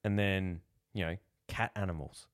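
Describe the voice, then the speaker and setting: A man's voice: low-pitched, fairly even intonation, normal speed, dry recording, clean studio sound. A man with an Australian accent co-hosting a casual podcast, laid-back and blunt, swearing casually. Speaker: podcast co-host. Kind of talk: casual chat.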